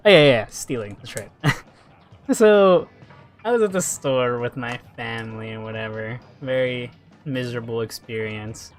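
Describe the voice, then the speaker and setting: A man's voice: medium pitch, moderate pace. A man live-streaming a shooter game, talking off the cuff in a mid-range voice. He rambles loosely, swears a lot and laughs at his own stories. Faint music plays under his voice. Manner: rambling and swearing, with laughs and sudden excited yells. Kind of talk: casual live-stream chat while gaming.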